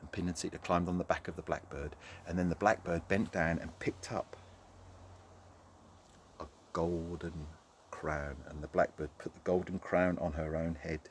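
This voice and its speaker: A man telling a folk tale to children, animated and talking straight to the young listeners. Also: deep voice, normal speed, slight background noise. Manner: animated, talks directly to children. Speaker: storyteller. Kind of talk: children's story narration.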